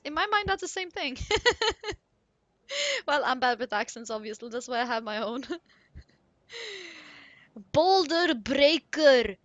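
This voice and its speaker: A woman's voice: high voice, sharp tone, no room sound, muffled recording. A woman giving casual, chatty let's-play commentary, giggling and swearing casually. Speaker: gaming streamer.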